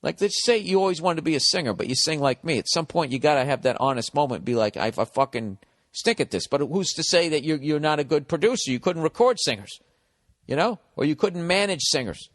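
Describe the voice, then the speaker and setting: A man's voice: on the high side, lively intonation, fairly quick, fairly bright tone, big-room sound. A man in his forties with a Boston accent, a comedian hosting a podcast who gives advice in a rambling, profane, blunt way that turns encouraging. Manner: profane, blunt, mock-harsh then encouraging. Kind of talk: rambling comic advice monologue.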